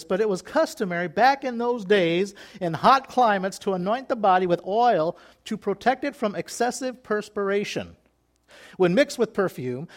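Male pastor, folksy joking preacher, bright high voice swinging all over. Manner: folksy and joking, laughs at his own asides; reads scripture aloud between comments. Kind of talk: sermon.

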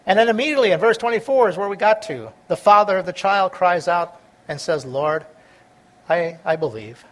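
A man preaching a sermon, reading scripture aloud and explaining it, stumbling over words at times and swinging between loud and soft delivery. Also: high voice, fast.

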